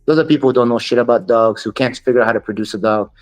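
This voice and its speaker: A dog breeder appears as an interview guest, telling stories rapid-fire in a medium-pitched, fairly even voice. He's blunt, brushes off his critics, and acts out what other people said in dialogue.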